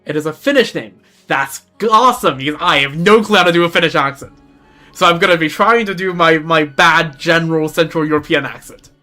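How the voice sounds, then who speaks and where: A man's voice: fairly high pitch, a little fast, sharp tone, faint music behind. A man streaming a video game, chatting casually and joking about himself, often stammering and restarting his sentences. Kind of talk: casual gaming commentary.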